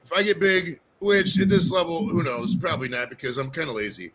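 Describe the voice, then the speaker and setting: A man's voice: fairly high pitch, sing-song, a little fast, fairly bright tone, breathy edge, low-quality recording. A man from Ohio hosting a casual livestream, talking in a loose, rambling way and swearing freely. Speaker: livestream host.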